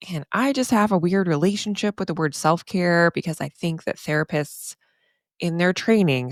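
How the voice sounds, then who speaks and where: A woman's voice: low-pitched, no echo, clean studio sound. A woman therapist hosting her podcast, talking casually and emphatically with frequent laughs and asides. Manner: chatty and emphatic, often says "y'all".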